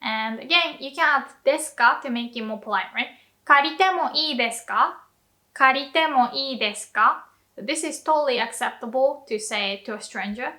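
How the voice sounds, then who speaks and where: Young woman, language teacher, bright sharp tone, lively explaining, light laughs. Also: sits high, a little fast. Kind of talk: online language lesson.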